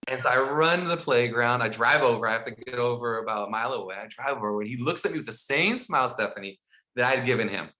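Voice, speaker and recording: A middle-aged man telling animated stories as a podcast guest, acting out dialogue and laughing as he goes. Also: mid-range voice, fast talker. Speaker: guest, founder of a school mindfulness program. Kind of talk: storytelling in a podcast interview.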